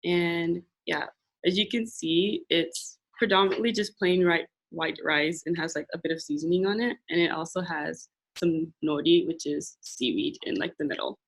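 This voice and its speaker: Patient young woman teaching slowly. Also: on the low side. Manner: slow, patient, repeats phrases for learners. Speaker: language and culture presenter. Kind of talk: classroom teaching.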